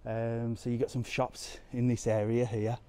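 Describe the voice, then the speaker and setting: A man's voice: mid-range voice, little pitch movement, normal speed, dark tone, clean tone. A man live-streaming a walking tour of a resort town, chatting casually and answering comments as he goes. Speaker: travel vlogger on a live walk. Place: outdoors in a resort town streets and squares.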